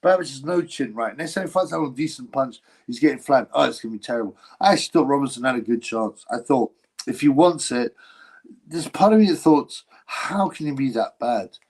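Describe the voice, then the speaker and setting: A man's voice: medium pitch, lively intonation, a little fast, a little mellow, husky, low-quality recording. Blunt opinionated man livestreaming boxing. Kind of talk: casual livestream commentary reading chat.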